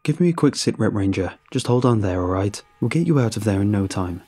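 A man's voice: fairly low pitch, lively intonation, fairly quick, mellow, breathy edge. A man voicing a stern, loyal military captain who talks in a firm, commanding way.

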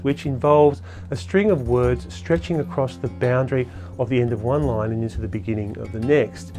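A man's voice: medium pitch, a little mellow. Man narrating a poetry lesson. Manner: measured, explanatory, stresses key words. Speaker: poetry lecturer. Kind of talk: scripted educational narration.

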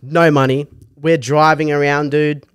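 A man's voice: on the high side, level tone, a little slow, clean tone, dry recording, clean studio sound. A young Australian man hosting a podcast, telling a long story in a casual, sweary way and acting out the voices. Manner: sweary, laughing, acts out voices in his stories.

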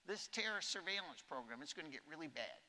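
A man's voice: a little high, animated, fast, sharp tone, voice pushed up. A man impersonating a brusque president who gives clipped, urgent orders. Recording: echoey hall.

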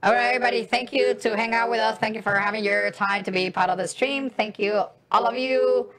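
A middle-aged woman hosting a casual game stream, chatting in a halting way with many fillers and repeated phrases. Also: on the high side, fairly even intonation, fairly bright tone. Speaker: streamer host. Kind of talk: casual gameplay stream chat.

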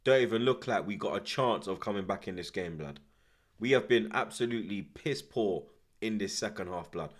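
A man's voice: lowish voice, fairly bright tone. Swearing man ranting about football. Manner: swearing, repetitive ranting with street slang. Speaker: host. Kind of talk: football watchalong commentary.

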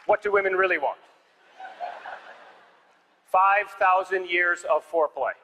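A man's voice: sits high, a little slow, crowd noise. A man doing a stand-up comedy set on a theater stage, telling stories with dry, punchy one-liners. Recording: live hall reverb with audience noise.

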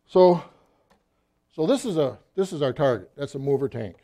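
A middle-aged man telling a story from the pulpit in a folksy, animated way, acting out the scenes as he goes. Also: fairly high pitch, normal speed, pauses often. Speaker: church speaker. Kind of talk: storytelling sermon.

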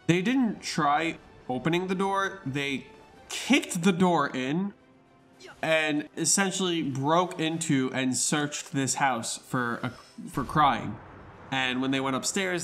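A man with a slightly high voice tells a tabletop game story to his friends. He tells it in a lively way, laughing and acting out the shouted lines. There is faint music behind him. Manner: animated, laughing, acts out shouted quotes. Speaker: podcast co-host telling a game story. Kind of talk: casual storytelling chat.

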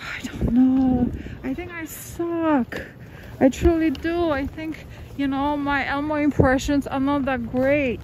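Giggly high-voiced woman streaming outdoors. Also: fairly even intonation, takes it slowly, lo-fi sound. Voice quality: giggly, laughs often. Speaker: live streamer. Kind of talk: casual walking livestream. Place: busy city street outdoors. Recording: loud street noise outdoors.

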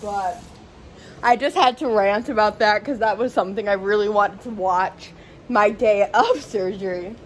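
A woman's voice: mid-range voice, normal speed, a little hiss or hum. A woman vlogging from home in a casual, rambling rant, out of breath and emotional, with lots of "like". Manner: rambling, emotional, heavy use of "like".

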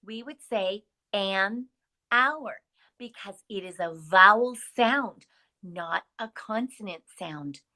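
A middle-aged woman giving an English lesson, with a clear, bright voice that sits a little high. She speaks very slowly and deliberately, sounding out each word for learners, and her pitch rises and falls expressively. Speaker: ESL instructor. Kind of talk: live online English lesson.

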